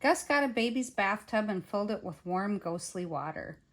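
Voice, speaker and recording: An older woman, a grandmother, reading a children's picture book aloud in an expressive way. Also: medium pitch, normal speed. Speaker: storyteller.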